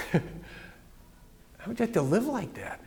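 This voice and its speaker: A man with a somewhat high voice delivers a sermon in a relaxed, conversational manner, speaking plainly to his congregation. His words ring out with a long reverb, as in a large echoey hall. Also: measured pace, gravelly. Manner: conversational, plain-spoken preaching. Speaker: pastor.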